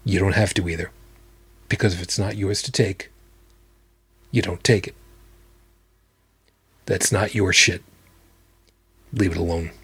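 Male podcast host, husky and dry, blunt and foul-mouthed. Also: low-pitched, steady tone, a little slow, pauses often, fairly bright tone, dry recording. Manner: blunt, profane, emphatic. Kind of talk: casual livestream talk.

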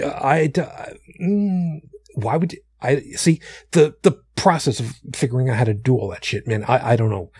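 Male podcast co-host, husky voice, dry close sound, profane rambling chat. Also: mid-range voice, darkish tone, no room sound. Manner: rambling, profane, many restarts. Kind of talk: casual chat.

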